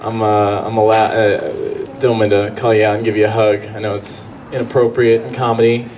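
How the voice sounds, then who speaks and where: A man's voice: fairly low pitch, level tone, brisk, a little mellow, slight background noise. Rambling, profane man doing stand-up. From Colorado. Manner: rambling, profane, self-mocking. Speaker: stand-up comedian. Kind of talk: live stand-up comedy. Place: live comedy club stage. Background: audience laughter.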